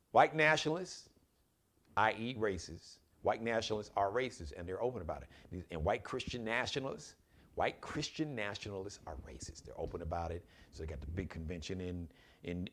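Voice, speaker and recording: A man's voice: medium pitch, a bit bright. A man hosting his own live commentary show, talking in an impassioned, preachy way and urging his listeners directly. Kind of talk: opinionated solo commentary.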